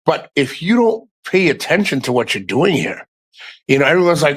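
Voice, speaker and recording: A man's voice: fairly high pitch, big pitch swings, moderate pace, a bit bright, husky. A man hosting a casual livestream, talking frankly to his chat, swearing often and rambling through asides. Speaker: livestream host.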